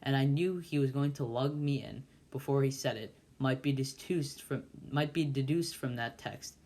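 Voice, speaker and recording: A man reading a classic novel aloud as a volunteer, halting and often stumbling and restarting words. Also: medium pitch, a little mellow. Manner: halting, with frequent slips and restarts. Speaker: volunteer reader.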